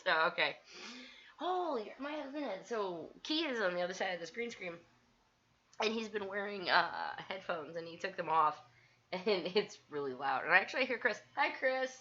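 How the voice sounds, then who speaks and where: A woman hosting a casual livestream from a home studio, rambling excitedly and laughing often. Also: mid-range voice, moderate pace, lo-fi sound. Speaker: livestream host. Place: home studio with green screen.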